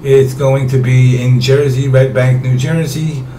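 A man's voice: mid-range voice, level tone, unhurried, warm tone. A man hosting a casual streamed talk show, rambling and swearing offhandedly. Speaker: show host. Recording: roomy with background noise.

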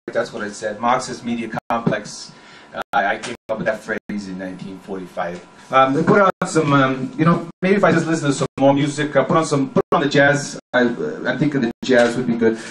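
A man's voice: mid-range voice, expressive, brisk, fairly bright tone, lightly acted. A man playing a cranky, rambling male talk radio host who stumbles through fillers and restarts, then barks orders and throws callers off. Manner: abrupt outbursts barking orders. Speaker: comedy performer. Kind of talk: spoof talk radio monologue. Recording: echoey room with background noise.

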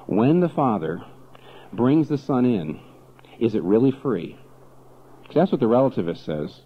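A male pastor preaching with a lively, swooping delivery, his pitch rising and falling as he throws out rhetorical questions. The recording is dull and lo-fi, with the top end muffled. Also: unhurried, slight background noise. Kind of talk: sermon.

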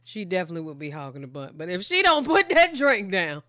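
A woman's voice: fairly low pitch, big pitch swings, quick pace, fairly bright tone, dry recording, clean studio sound. A woman hosting a reaction video, chatting casually with slang and frequent laughs, talking straight to her viewers and sounding tired from filming late at night. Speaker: reaction channel host.

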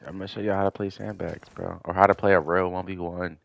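A man's voice: low voice, flat delivery, brisk, vocal fry, fairly bright tone. A young man giving profane gameplay commentary, ranting in exasperation about how his opponents play. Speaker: gaming commentator.

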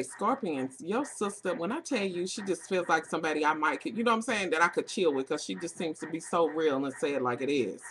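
A woman's voice: low-pitched, a bit bright. A middle-aged woman with a Southern US accent, ranting bluntly and profanely about reality TV on a webcam. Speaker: vlogger. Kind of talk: casual reality TV rant.

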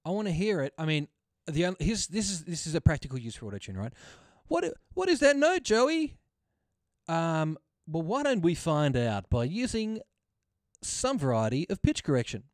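A man's voice: fairly high pitch, very animated, normal speed, no echo. Enthusiastic man with a dry close sound. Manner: enthusiastic, chatty, laughs often. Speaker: host reacting to multitrack stems. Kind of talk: casual reaction commentary.

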